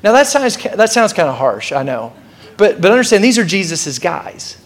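High-voiced man preaching with energy. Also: moderate pace. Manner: casual, energetic preaching with repetition and audience call-outs. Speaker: pastor. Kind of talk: sermon.

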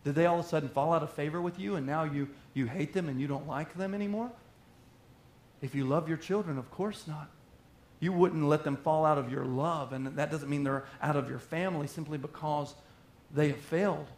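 A man preaching with a fairly high voice and a lot of animation. Now and then he acts out short quoted voices of ordinary people to make his point. The sound is roomy, with a clear echo around him. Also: a little fast, a little hiss or hum. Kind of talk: sermon.

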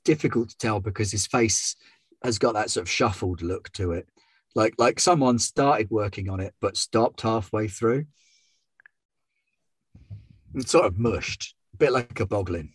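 Husky low-voiced game master. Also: male voice, normal speed, no room sound. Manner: descriptive, wry and relaxed. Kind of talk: narrating a tabletop game.

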